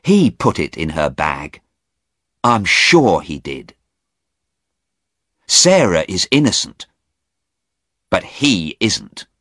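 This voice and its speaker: A man voicing an agitated young man, talking in a high, strained, hurried way in an audiobook. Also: wildly swooping pitch, fairly bright tone, no room sound, studio quality, exaggerated voice. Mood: insistent.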